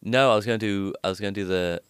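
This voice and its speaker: A man's voice: lowish voice, fast, fairly bright tone, clear, resonant tone, no room sound, studio quality. A man co-hosting a podcast, chatting casually and cracking wry jokes. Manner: joking, wry asides. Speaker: podcast co-host. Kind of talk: casual chat.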